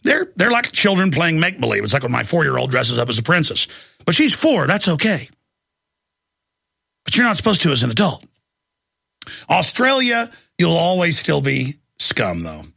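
A man hosting a political talk radio show, ranting and shouting with lots of repetition. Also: fairly high pitch, huge pitch swings, normal speed, gravelly, long pauses, dry recording, clean studio sound.

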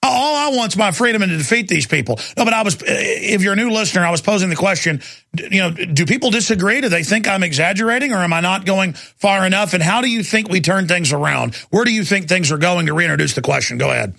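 A man's voice: high-pitched, expressive, quick pace, gravelly, pushed and bright, no echo, studio quality. A man hosting a call-in radio talk show, speaking in an intense, rambling, emphatic way.

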